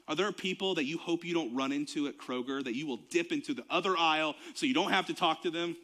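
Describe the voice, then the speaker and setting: A man's voice: a little high, a bit bright. A young adult man, preaching a sermon to his congregation in a conversational way, with fillers and asides. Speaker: pastor.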